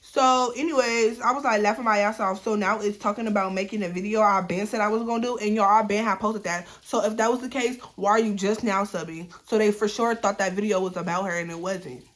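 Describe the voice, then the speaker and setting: A woman's voice: medium pitch, steady tone, brisk, hardly any pauses, echoey room. A woman telling a storytime on her vlog, bluntly and profanely retelling a text-message argument in a heated voice.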